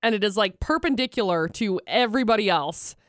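A woman's voice: medium pitch, animated, a little fast, a bit bright, no echo. A woman co-hosting a radio show, bantering playfully and tossing in dry quips.

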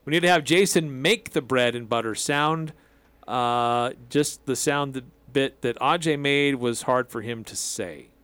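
A man hosting a sports radio show in a relaxed, chatty way, with plenty of fillers. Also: medium pitch, a little slow, clear, resonant tone, dry recording. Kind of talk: casual sports radio chat.

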